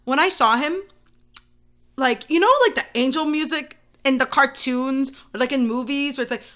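Young woman rambling on her solo podcast, high voice, says like a lot. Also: normal speed. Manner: rambling, excitable, heavy use of "like". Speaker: podcast host. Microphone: camera mic.

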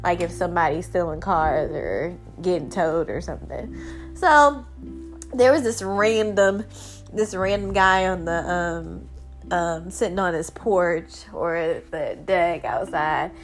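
Woman, casual storytime vlog, rambling and animated, faint music underneath. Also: on the low side, takes it slowly. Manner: rambling, animated, many restarts and fillers.

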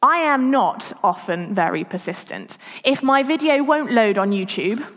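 High-pitched woman, preaching in a church hall, long reverb, chatty and animated. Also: unhurried. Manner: chatty, self-deprecating, animated retelling. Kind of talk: church talk.

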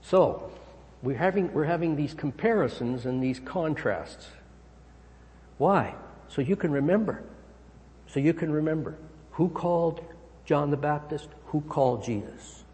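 A man preaching a sermon as pastor, emphatic, swinging his pitch and volume. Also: measured pace, long pauses, a little mellow. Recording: long hall reverb.

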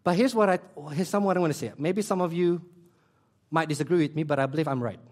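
A man pastor preaching a sermon with passion, repeating key phrases and swinging between loud emphasis and hushed near-whispers. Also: on the high side, fast talker. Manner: emphatic repetition, non-native grammar slips.

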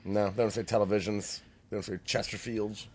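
A man's voice: fairly low pitch, little pitch movement, a little fast, darkish tone, breathy edge. A man co-hosting a casual podcast, rambling through stories, swearing freely and laughing as he talks. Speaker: podcast co-host. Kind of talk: casual chat.

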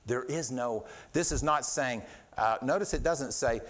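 A middle-aged man delivers a sermon from the pulpit with an earnest, conversational pastor's delivery. He often repeats words and restarts, and his voice swings between hushed and raised. His pitch sits in an ordinary middle register. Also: expressive, a little slow, gravelly.

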